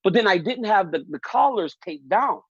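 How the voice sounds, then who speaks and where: Husky high-voiced man. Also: normal speed, no echo. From Louisiana. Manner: animated storyteller, laughs often. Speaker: guest analyst. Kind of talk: casual chat. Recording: dull, lo-fi remote feed.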